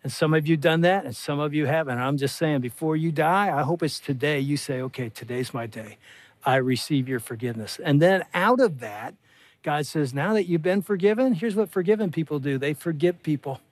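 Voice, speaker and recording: Older male pastor, conversational sermon, earnest, slightly higher voice, dry close sound. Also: brisk, no echo. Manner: earnest, conversational preaching that swings between hushed and rising emphasis.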